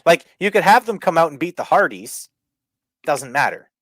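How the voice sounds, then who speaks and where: A man's voice: a little high, sing-song, normal speed, fairly bright tone, dry recording. A man co-hosting a podcast, recapping a wrestling show in casual chat, swearing and doing mocking impressions. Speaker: podcast co-host.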